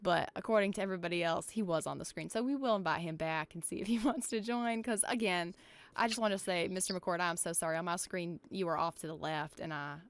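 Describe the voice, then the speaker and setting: A woman's voice: on the low side, clear, resonant tone. A young woman chatting and giggling as a news anchor in a game voice-chat roleplay. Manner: chatty, giggly and quick to react.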